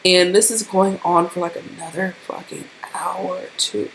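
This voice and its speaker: A woman's voice: on the low side, fairly even intonation, moderate pace, a little hiss or hum. A young woman vlogger animatedly telling a profane storytime tale to her camera. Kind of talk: storytime vlog.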